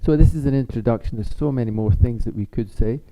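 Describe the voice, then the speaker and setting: A man's voice: mid-range voice, fast talker, warm tone. A man presenting at a parenting seminar in a chatty, informal teaching style, often acting out bits of dialogue. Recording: slightly dull lo-fi sound.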